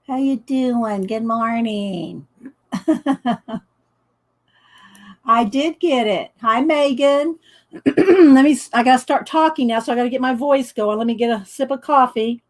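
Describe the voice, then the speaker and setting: Woman, art stream host, unhurried, higher voice, laughs often. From American South. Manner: chatty, laughs often, greets viewers by name. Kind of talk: casual live-stream chat. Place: home studio with windows open.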